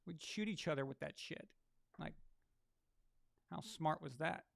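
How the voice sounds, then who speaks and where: A man's voice: on the high side, measured pace, gravelly, a bit bright. A man hosting a live sports stream, ranting crudely and mockingly while he watches a game. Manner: mocking, sarcastic asides. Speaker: sports livestream host.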